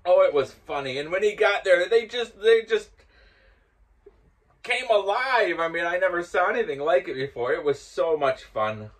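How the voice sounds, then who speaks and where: Older man telling animated stories. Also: sits high, normal speed. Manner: animated, grows loud and laughing as the story builds. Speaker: host. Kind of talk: casual storytelling.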